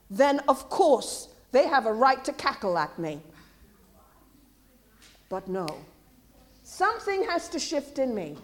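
A woman delivers a sermon in a high, lively voice that climbs and dips widely. She talks at an unhurried pace, moving from soft, thoughtful asides to loud, impassioned proclamations. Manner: impassioned, swings from quiet musing to loud declarations. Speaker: preacher.

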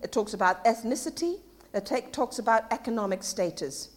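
Lively high-voiced woman preaching. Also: brisk. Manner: impassioned, swings from quiet musing to loud declarations. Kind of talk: sermon.

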